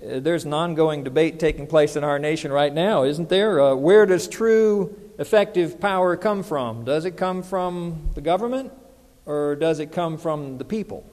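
High-voiced preacher in a reverberant church. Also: male voice, normal speed, a little mellow. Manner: conversational, asks the congregation questions. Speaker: pastor. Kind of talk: sermon.

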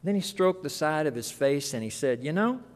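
A man preaching a sermon, telling a story with lively delivery and acting out voices. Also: a little high, normal speed, long reverb tail. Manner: animated storytelling, acts out voices.

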